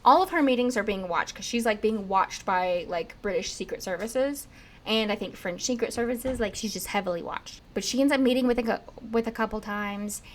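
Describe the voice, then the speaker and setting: Brief: young woman podcast host, casual storyteller, chatty with frequent "like", mid pitch. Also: brisk, a little hiss or hum. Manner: chatty, lots of "like", acts out quotes in lively bits.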